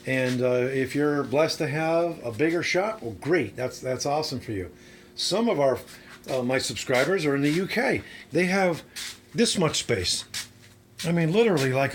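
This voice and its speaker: A chatty, folksy middle-aged man talks viewers through his home workshop in a lively, up-and-down voice. The phone recording rings with the room's echo, with a faint hiss underneath. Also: mid-range voice. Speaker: woodworking channel host. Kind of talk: casual how-to demonstration. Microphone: phone camera.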